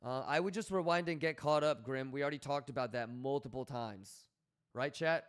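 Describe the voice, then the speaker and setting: A man's voice: medium pitch, moderate pace, clear, resonant tone. Blunt, swearing male streamer. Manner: blunt, profane, coaching tone, reads chat aloud. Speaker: livestream host. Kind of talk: casual livestream chat.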